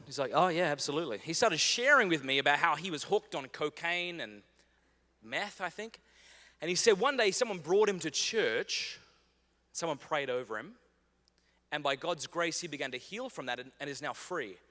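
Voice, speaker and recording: A man's voice: on the high side, normal speed. A man in his thirties giving a humorous keynote talk, telling stories and acting out bits of dialogue. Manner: animated, comic, acts out dialogue. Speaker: keynote speaker. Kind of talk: humorous storytelling keynote speech. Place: large conference hall. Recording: big hall with long reverb.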